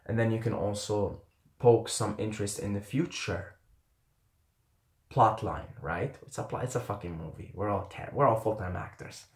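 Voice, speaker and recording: A man with a fairly low voice talks straight to camera, rambling through casual dating advice. He circles back and repeats himself, and he swears freely. The room has a noticeable echo. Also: normal speed. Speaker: vlogger giving dating advice.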